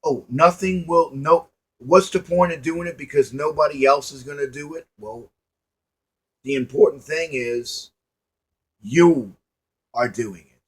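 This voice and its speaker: With a medium-pitched voice, a slightly slow pace, and long pauses, an online commentator lectures his viewers motivationally. His tone is folksy, preachy, and emphatic, full of repeated lines and rhetorical questions.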